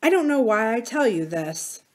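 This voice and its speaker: A man's voice: very high-pitched, very animated, normal speed, voice pushed up. A woman reading the part of an earnest, troubled young man who speaks in a confiding way.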